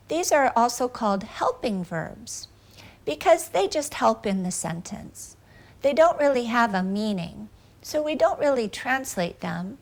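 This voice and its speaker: A woman's voice: on the high side, creaky. A woman teaching English grammar in a video lesson, explaining carefully and reading out example sentences.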